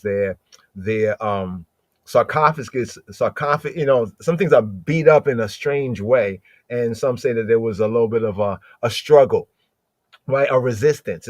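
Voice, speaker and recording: A man's voice: mid-range voice, dry recording. Man teaching scripture in a casual way. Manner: conversational, repeats Hebrew words for emphasis, many fillers. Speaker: podcast host teaching scripture. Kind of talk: casual Bible teaching talk.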